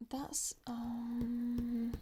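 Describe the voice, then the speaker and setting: A young English woman speaking softly in ASMR style, murmuring to herself as she tries to recall names. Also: a little high, completely flat delivery, very slow, slightly rough. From England. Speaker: ASMR creator. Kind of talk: soft-spoken ASMR.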